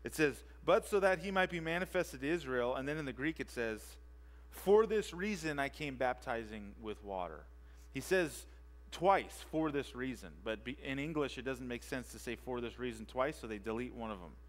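A man who is a pastor, preaching a sermon with emphatic repetition and rhetorical questions, moving between quiet and loud for emphasis. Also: mid-range voice, expressive, normal speed. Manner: emphatic, repeats key phrases and asks rhetorical questions. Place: church sanctuary.

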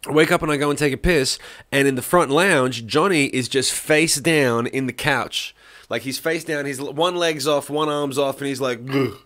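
A middle-aged podcast host with a mid-range, fairly bright voice casually tells a rambling story at a moderate pace. He interrupts himself often, frequently restarting his sentences.

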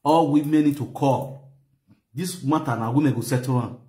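A man's voice: medium pitch, normal speed, warm tone. A man with a Nigerian accent hosting a casual online show, chatty and often checking that his listeners follow him. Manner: chatty, keeps asking "you understand?", laughs often. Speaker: YouTube host. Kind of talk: casual live commentary. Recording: echoey room.

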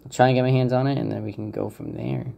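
A man hosting a casual card-pack opening video, talking in a relaxed, hesitant way with frequent fillers and unsure pronunciations. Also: on the low side, fast talker, creaky, dull audio. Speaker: channel host opening trading card packs. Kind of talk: casual unboxing commentary.

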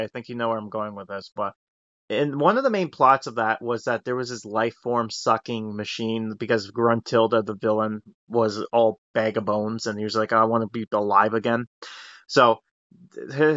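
A man's voice: mid-range voice, pushed and bright, no room sound, lo-fi sound. Enthusiastic rambling male podcast host. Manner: rambling, enthusiastic, lots of fillers. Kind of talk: casual podcast chat.

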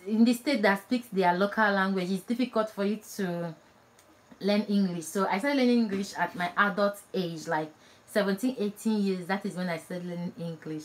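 A vlogger from Nigeria, Igbo her first language, chats casually with live viewers in a warm, medium-pitched voice and a Nigerian accent. She laughs frequently and often begins her phrases again.

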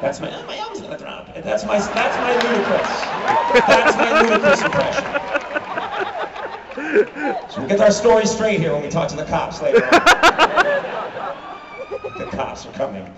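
A man performing an animated stand-up comedy routine in a large theater, shouting punchlines over a loud crowd. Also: sits high, moderate pace, creaky, long pauses, very noisy. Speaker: comedian on stage. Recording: far, roomy, lo-fi concert audio with loud crowd. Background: loud audience laughter and cheering.

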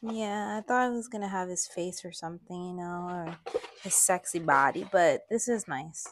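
A woman's voice: on the low side, moderate pace, a little hiss or hum. Gushing young woman unboxing a record. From Latin America. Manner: gushing, squeals with delight. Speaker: vlogger. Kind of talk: excited unboxing vlog. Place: in the Philippines.

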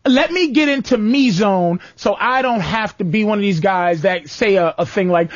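A man hosting a talk show, telling crude comic stories in an animated, profane rant and mimicking other voices. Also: sits high, normal speed, no echo. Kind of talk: profane comedic radio rant. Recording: muffled lo-fi, dry.

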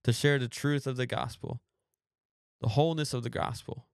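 A man's voice: mid-range voice, steady tone, normal speed, creaky, clean tone, no echo, clean studio sound. A man hosting a podcast, preaching emphatically, reading scripture and repeating phrases for emphasis. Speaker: podcast host.

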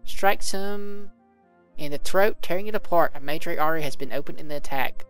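A man's voice: fairly high pitch, brisk, fairly bright tone, soft background music, poor audio. A man commentating a video game, reading its combat log aloud and adding casual remarks. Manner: reads game text aloud with casual asides. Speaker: let's play commentator.

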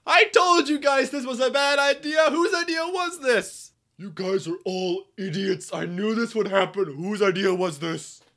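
Woman doing a high, frantic, over-the-top toy engine for a fan animation. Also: fairly even intonation, moderate pace, few pauses. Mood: melodramatic. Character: panicking melodramatic toy train engine.

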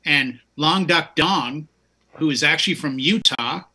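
DJ host in his 50s, husky, punchy and bright, rambling storyteller. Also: on the high side, unhurried. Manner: enthusiastic, tells long digressive stories. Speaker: DJ and show host. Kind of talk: casual chat.

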